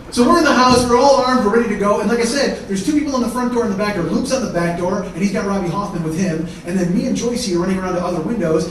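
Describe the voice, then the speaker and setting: High-voiced man telling a comic story on stage. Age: middle-aged. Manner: animated, profane, shouts quoted kids' lines. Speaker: stand-up comedian. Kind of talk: live one-man comedy storytelling. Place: live theater stage with audience laughing. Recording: echoey, distant theater recording with noise.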